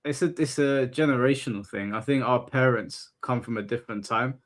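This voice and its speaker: A young British man with a mid-range voice, speaking a little fast, hosts a casual chat. He's a lively storyteller who acts out the quotes in his stories.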